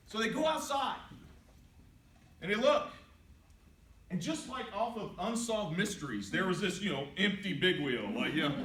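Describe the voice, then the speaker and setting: A man's voice: high voice, moderate pace, a crowd in the background. A man from West Virginia giving an inspirational speech to students, telling a story and acting out the quotes with changing voices. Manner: animated, acts out quotes with voice changes. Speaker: motivational speaker. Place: large hall before a live audience. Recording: roomy, distant, noisy live hall recording.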